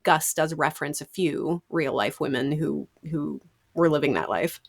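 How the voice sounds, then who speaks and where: A woman's voice: deep voice, moderate pace, vocal fry. A woman hosting a podcast, asking her guest questions in a conversational way with dry humour. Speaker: podcast host. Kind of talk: podcast interview.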